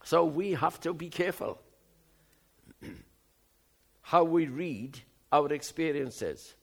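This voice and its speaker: Gravelly-voiced preacher in his seventies. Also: slow. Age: 70s. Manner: shifts from low musing to loud emphatic outbursts. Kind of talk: sermon.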